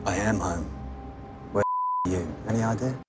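A man's voice: fairly low pitch, moderate pace, natural voice. An actor playing a cocky young male cat burglar and ex-soldier with a London accent, talking his way into a job. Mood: cocky persuasive. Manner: cocky, wheedling, streetwise. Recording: film clip over music score. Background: film score music.

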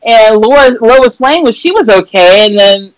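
A woman talking casually about a movie, swearing freely and acting out scenes in loud outbursts. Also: a little high, unhurried, a little hiss or hum, low-quality recording. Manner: animated, swears freely, acts out scenes loudly.

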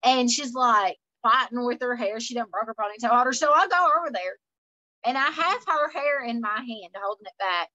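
A woman, a guest telling wild party stories in a loose, animated way. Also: on the high side, normal speed, no room sound, muffled recording. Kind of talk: casual storytelling chat.

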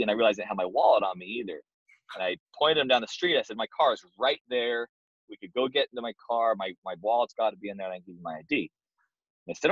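A man's voice: on the low side, lively intonation, quick pace, a bit bright, no echo. A young man casually telling a self-deprecating story as a guest, easygoing and plain-spoken. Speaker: guest, door-to-door sales manager. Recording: dull, dry lo-fi sound.

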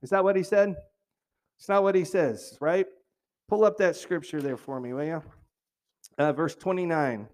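Guy preaching with a pretty high voice, chatty, throws questions at the crowd. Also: normal speed, long pauses, a little mellow. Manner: conversational, asks the congregation questions; jokey asides, restarts phrases. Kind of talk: sermon.

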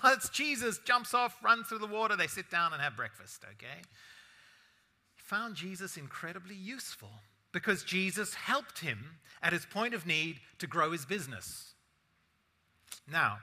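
Bright, forceful male pastor preaching. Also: fairly high pitch. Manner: conversational preaching with rhetorical asides. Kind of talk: sermon.

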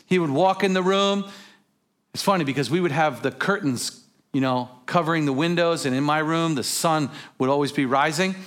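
This male pastor, pitched fairly high, keeps a moderate pace through his sermon. Soft, intimate passages give way to sudden loud exclamations, broken up by casual anecdotes.

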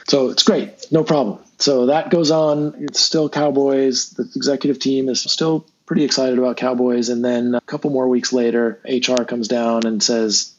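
A man telling a long parable in a relaxed interview, acting out the people he quotes. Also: medium pitch, normal speed. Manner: rambling, animated, acts out quotes. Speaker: guest. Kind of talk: conversational storytelling. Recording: dull lo-fi sound with faint noise.

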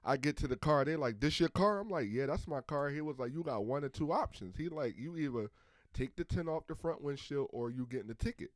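A man casually telling a story among friends, animated and acting out the other people's lines. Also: medium pitch, fairly quick, dry recording.

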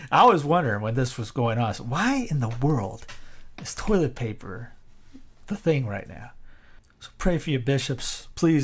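A man in a casual opinion monologue, rambling and sarcastic, with frequent restarts, who rises into loud exhortations. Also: mid-range voice.

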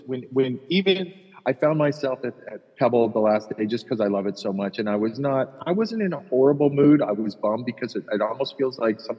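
A man co-hosting a podcast, telling animated, profane golf stories in casual chat. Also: mid-range voice, moderate pace, slightly rough. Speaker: podcast co-host. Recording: dull, roomy with long echo.

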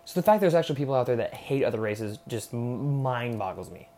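A young man hosts a casual solo podcast rant, rambling and swearing and tacking "okay?" onto his points. His medium-pitched voice is warm, with lively intonation and a fairly quick pace.

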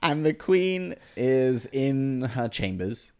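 A man's voice: medium pitch, sing-song, slow, dark tone, clear, resonant tone. A man co-hosting a comedy podcast, narrating an improvised story and laughing often.

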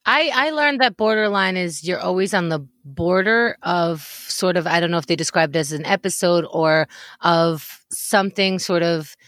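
A woman's voice: fairly low pitch, moderate pace, fairly bright tone, no echo, studio quality. A woman co-hosting a comedy podcast, asking teasing, probing questions. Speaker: podcast co-host. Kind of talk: casual comedic chat.

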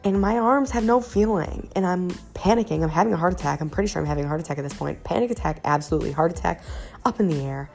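A young woman talks through a podcast story in a loose, swear-heavy ramble, mocking herself as she goes. Her voice sits low with a gravelly edge. Faint music plays quietly underneath. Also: fast talker. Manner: profane, rambling, self-mocking. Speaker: podcast host. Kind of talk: casual storytelling monologue.

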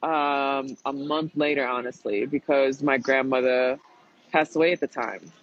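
Speaking a little slowly in a mid-range voice, this man recounts an annoying reality show experience in a casual chat, animated and profane, mimicking the voices of people he quotes. The recording is dry, with a dull lo-fi quality.

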